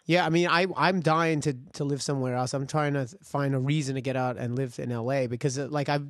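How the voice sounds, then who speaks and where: A man's voice: medium pitch, fairly even intonation, no room sound, studio quality. A man with a New York accent hosting a casual interview chat, eager and talkative. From Brooklyn, US. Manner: chatty, eager, quick back-and-forth with laughs. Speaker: podcast host.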